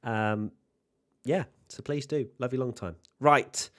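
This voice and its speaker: A man's voice: medium pitch, slow pace. A British man hosting a casual livestream watchalong, upbeat and jokey as he reads out viewer comments.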